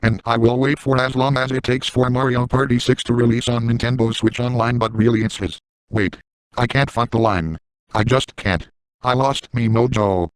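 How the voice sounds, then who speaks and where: A man voicing a crude, boastful middle-aged man in a comedic first-person monologue, delivering insults in a flat, matter-of-fact way. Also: mid-range voice, moderate pace, clear, resonant tone, no echo, lightly acted, low-quality recording.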